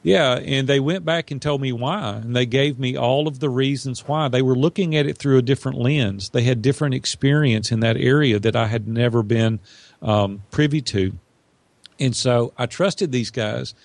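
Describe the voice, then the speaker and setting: A middle-aged man with a gravelly, creaky edge to his voice tells a personal story as a podcast guest. He talks earnestly and animates the quotes of others. The sound is close and dry. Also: mid-range voice, moderate pace, no echo. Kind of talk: storytelling in an interview.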